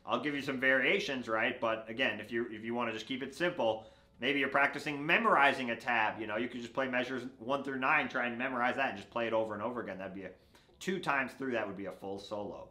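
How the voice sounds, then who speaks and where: A man teaching a beginner banjo lesson in a relaxed, step-by-step way, often checking in with "right?". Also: medium pitch, fast talker. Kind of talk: casual instructional talk. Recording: echoey room with loud banjo. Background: banjo playing.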